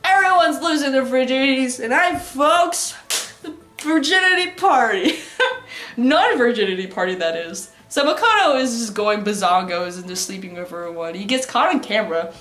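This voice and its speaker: A woman's voice: on the high side, lively intonation, normal speed, fairly bright tone. Rambling, sarcastic young woman. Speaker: vlogger. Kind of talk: casual anime recap. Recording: roomy echo.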